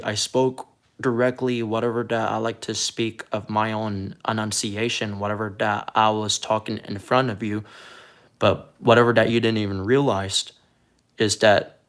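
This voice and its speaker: A man from Puerto Rico talking casually on a live stream, rambling and halting, often repeating words as he restarts sentences. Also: fairly low pitch. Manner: defensive, earnest.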